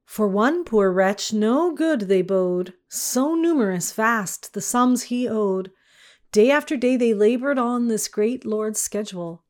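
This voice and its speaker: A woman reading a narrative poem aloud in measured archaic verse. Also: a little high, animated, a little mellow. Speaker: reader.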